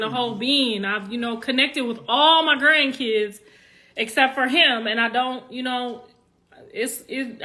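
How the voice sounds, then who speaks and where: A middle-aged woman and grandmother talks casually to her viewers, halting and rambling with many "you know" restarts, earnest and apologetic but defensive. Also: fairly high pitch, sharp tone, a little hiss or hum. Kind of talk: casual talk to camera.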